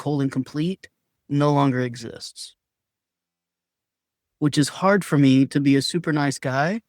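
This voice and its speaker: With a medium-pitched, somewhat dark voice, a man talks frankly as a guest on a podcast. The studio-quality recording has no echo. He speaks earnestly and emphatically, now and then voicing his earlier words loudly.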